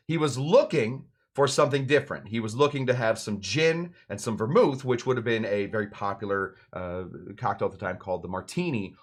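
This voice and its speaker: A man hosting a cocktail show who tells drink history in a rambling, joking way, often breaking into playful voices for the people in his story. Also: fairly low pitch. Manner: rambling, jokey, acts out voices in anecdotes. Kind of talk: casual storytelling lesson.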